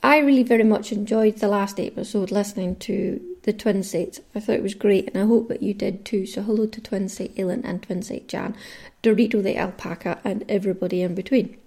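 Mellow-voiced Caithness Scottish woman podcaster. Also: medium pitch, steady tone, brisk. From Caithness, Scotland. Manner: chatty, reads long lists of listener names. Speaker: podcast host. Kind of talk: casual solo podcast chat.

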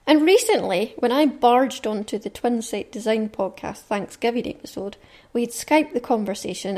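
A woman's voice: fairly high pitch, a little mellow. A Scottish woman hosting a podcast, talking in a chatty, cheerful and enthusiastic way. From Scotland. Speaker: podcast host. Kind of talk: casual podcast chat.

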